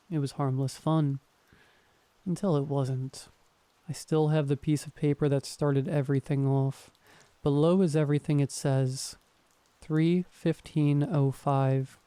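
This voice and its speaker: A man calmly reading horror stories aloud as a scripted narration. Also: fairly high pitch, clear, resonant tone, no room sound. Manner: calm, even reading.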